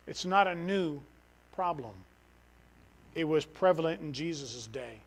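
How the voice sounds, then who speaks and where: In a rough recording, a middle-aged man with a slightly high voice delivers a church sermon as a missionary. He's animated, moving between loud bursts and soft, tender moments.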